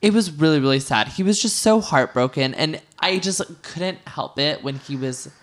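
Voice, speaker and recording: A woman's voice: deep voice, lively intonation, moderate pace. A woman co-hosting a casual podcast, chatting about a reality show and acting out quotes with frequent restarts. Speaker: podcast co-host. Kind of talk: casual reality TV recap chat.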